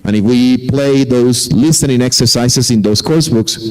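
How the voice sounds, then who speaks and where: A man's voice: medium pitch, a little slow, few pauses, darkish tone, poor audio. A man lecturing to teachers, telling anecdotes and often repeating and correcting himself. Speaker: conference speaker.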